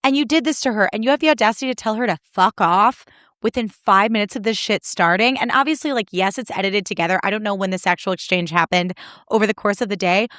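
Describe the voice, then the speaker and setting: A young woman hosting a solo podcast, recapping reality TV in animated, indignant, sarcastic talk with plenty of swearing. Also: mid-range voice, fast, dry recording, studio quality. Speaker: podcast host.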